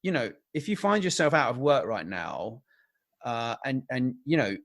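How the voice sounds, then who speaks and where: A man's voice: mid-range voice, animated, normal speed, creaky, a bit bright, dry recording, studio quality. A man hosting a podcast, giving blunt, straightforward advice in casual chat. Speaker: podcast host.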